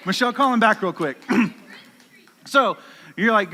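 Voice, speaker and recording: Casual male youth preacher, high bright voice, chatty with many fillers, hall reverb. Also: lively intonation, measured pace, long pauses. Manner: talks to his dog in low soft commands. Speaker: youth pastor. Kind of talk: sermon.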